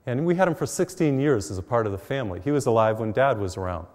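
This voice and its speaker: A man's voice: medium pitch, animated, fast, a little mellow, in a large hall. A middle-aged man, a priest, giving a conversational televised sermon full of personal stories, recorded in a church. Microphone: mic while facing cameras.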